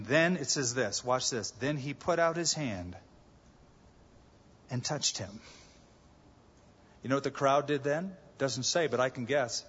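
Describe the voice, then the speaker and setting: A man preaching a sermon as pastor, animated and acting out the voices and cries in the story. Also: mid-range voice, a little slow, long pauses, breathy edge. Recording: dull, echoey large hall.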